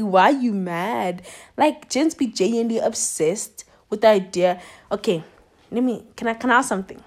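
Young woman podcast host, kinda high voice, sassy and animated, keeps laughing while she rants. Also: a little fast. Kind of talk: casual monologue.

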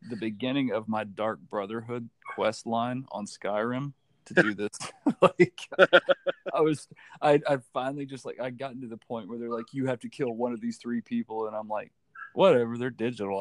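A man's voice: mid-range voice, moderate pace, no room sound. A man from the United States in casual chat, telling stories with lots of swearing and acted-out quotes. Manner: animated storyteller, swearing, acting out quotes.

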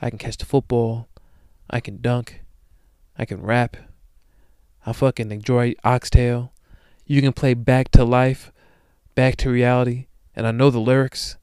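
Brief: young male podcast host, smooth clear voice, dry close sound, profane joking slang rant. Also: fairly even intonation, moderate pace, no room sound. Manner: swings between loud bursts and low mutters. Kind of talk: solo podcast monologue.

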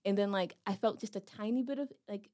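A woman on a podcast telling her own ghost story in casual chat, animated and quick to laugh, acting out her reactions. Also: mid-range voice. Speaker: podcast co-host.

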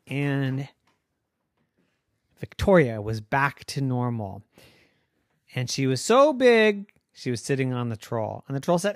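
A parent telling an improvised bedtime story in a playful, unhurried way. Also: medium pitch, expressive, no echo, clean studio sound.

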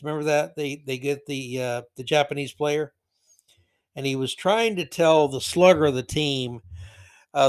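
A man hosting a podcast, delivering an exasperated, sarcastic monologue with scornful asides. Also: mid-range voice. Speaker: podcast host.

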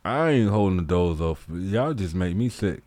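A man with a lowish voice spins blunt, profane stories in relaxed podcast chat. His delivery is matter-of-fact and punchy. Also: moderate pace, no room sound. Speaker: podcast co-host. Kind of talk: casual chat.

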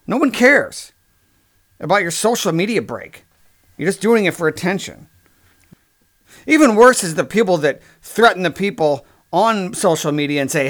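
A man's voice: high voice, very animated, normal speed, a bit bright. Sarcastic man on a crude comedic rant. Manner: sarcastic, crude, exasperated ranting. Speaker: podcast host.

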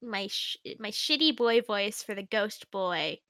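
A woman's voice: mid-range voice, lively intonation, a little slow, sharp tone, dry recording. A woman co-hosting a podcast in casual chat, giggly, often trailing off into mumbles. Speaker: podcast co-host.

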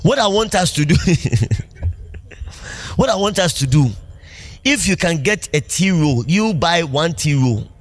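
A pastor preaching a sermon in a church, animated, laughing often and asking the congregation questions. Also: male voice, fairly high pitch, slow pace. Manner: call-and-response preaching, asks congregation questions.

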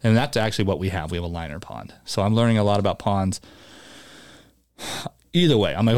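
A man's voice: lowish voice, brisk, long pauses, darkish tone, dry recording, studio quality. Jokey young man telling a story. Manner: storytelling, quotes people, jokey. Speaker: podcast co-host. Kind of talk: casual chat.

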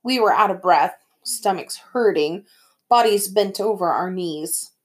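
A woman reading a first-person story aloud as an audiobook narrator, with lively storytelling. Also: medium pitch, a little slow.

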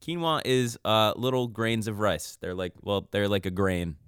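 A man's voice: fairly low pitch, normal speed, fairly bright tone, clear, resonant tone, dry recording, studio quality. A young man co-hosting a podcast, rambling and joking in casual chat and laughing often. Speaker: podcast co-host.

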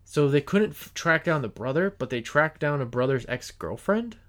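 A man's voice: a little high, expressive, moderate pace. Rambling male podcast host. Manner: rambling storyteller with many restarts. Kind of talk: casual podcast chat.

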